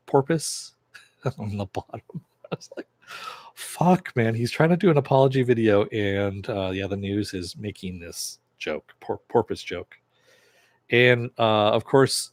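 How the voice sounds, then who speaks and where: A man's voice: on the low side, no room sound. A man casually recapping a TV episode, retelling scenes loosely with fillers and occasional laughs. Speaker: show reviewer.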